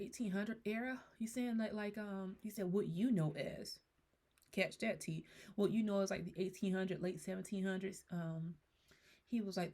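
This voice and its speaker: A woman tarot reader in a casual monologue, passing on messages she says she receives, in rambling, hesitant speech that grows animated when she gets excited. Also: medium pitch, vocal fry. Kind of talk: casual spiritual channeling monologue.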